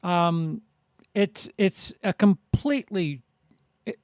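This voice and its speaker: A man giving a casual spoken film review, halting and full of restarts. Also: sits high, expressive, darkish tone, no echo, studio quality. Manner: halting, many restarts and fillers.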